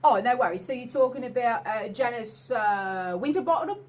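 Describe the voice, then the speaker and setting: A woman's voice: fairly high pitch, animated, moderate pace, darkish tone, voice pushed up, natural voice. Woman doing a Cockney shoe guy. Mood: gossipy. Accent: put-on Cockney. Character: male shoe repairer at a bowling alley, nosy.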